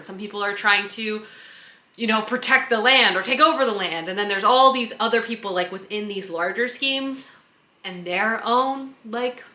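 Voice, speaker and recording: A woman's voice: fairly high pitch, pushed and bright, roomy sound. A woman book vlogger chatting casually at home, enthusiastic and full of "like" fillers. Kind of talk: casual vlog chat. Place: home under construction, indoors.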